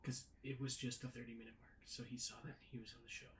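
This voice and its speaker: A man's voice: mid-range voice, flat delivery, a bit bright. A man performing an improvised comedy sketch, talking hesitantly with many restarts and fillers. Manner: hesitant, halting, full of restarts and ums. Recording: echoey room with faint ambient noise.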